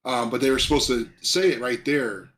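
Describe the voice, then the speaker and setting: A man co-hosting a casual live stream, chatting excitedly and rambling a little as he reads viewer comments aloud. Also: mid-range voice, fairly quick. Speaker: stream co-host. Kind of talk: casual chat about video game awards.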